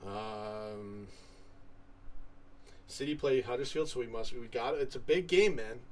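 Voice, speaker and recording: A young man from Canada rambles through a casual live stream and reads out viewers' comments. His voice is pitched in the middle, and he talks from a little way back from the mic in a room at home. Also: unhurried, a little mellow, recorded from a distance, slight background noise. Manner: rambling, chatty, trails off and restarts. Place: home room with a computer fan humming.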